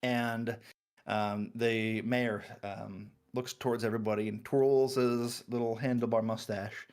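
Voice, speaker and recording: A man narrating a tabletop game as game master, relaxed and laughing, with many fillers. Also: lowish voice, measured pace.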